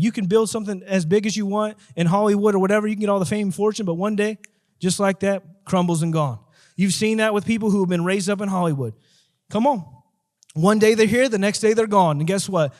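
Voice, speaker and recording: A man, an evangelist, telling a street-ministry story as a guest, talking in an emphatic, repetitive, preaching way. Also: high voice. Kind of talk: testimony told in an interview.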